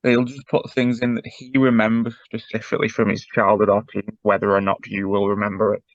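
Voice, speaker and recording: A man's voice: on the low side, monotone, brisk, no echo, dull audio. A man, co-hosting a podcast in casual chat and analysing a cartoon with many fillers. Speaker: podcast co-host.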